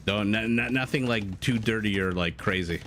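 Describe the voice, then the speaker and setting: A man's voice: on the low side, moderate pace, fairly bright tone, a little hiss or hum. Chatty man casting a strategy game. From Canada. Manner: chatty, jokey, breaks off to answer chat. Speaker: game caster. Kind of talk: live esports commentary, reading chat.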